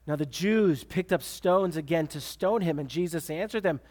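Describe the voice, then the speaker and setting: A male pastor delivers a sermon in a fairly high voice. He reads scripture and then drives his points home with emphatic restatements and repeated words. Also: moderate pace, hardly any pauses, darkish tone. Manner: emphatic preaching with repeated words and sudden pitch swings.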